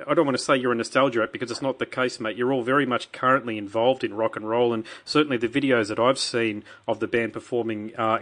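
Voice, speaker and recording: Fast-talking Australian man. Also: mid-range voice, a bit bright. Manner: friendly, calls the guest mate. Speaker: podcast host. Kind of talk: interviewer.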